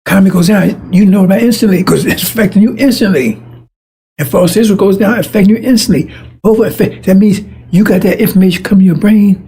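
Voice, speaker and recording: A man's voice: high voice, a little mellow, a little hiss or hum. A man giving an informal, rambling sermon, repeating himself and stressing points emphatically, with occasional stumbles. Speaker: preacher.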